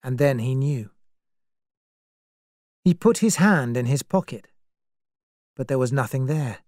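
A woman reading a story aloud as narrator, in a slow, measured way. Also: extremely low pitch, animated, a little mellow, no echo, clean studio sound.

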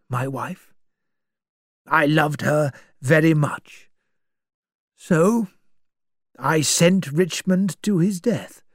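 A man voicing a sad, resigned old general who talks slowly and quietly in a storybook reading. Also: a little high, no room sound, clean studio sound, full character voice. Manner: slow, quiet and grave.

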